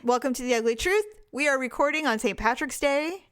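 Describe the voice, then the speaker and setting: A woman's voice: sits high, expressive, a little fast, smooth, no room sound, studio quality. Talk to your sister like an old friend. You're a chatty woman co-hosting a podcast, and you giggle easily. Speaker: podcast co-host. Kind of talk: casual chat.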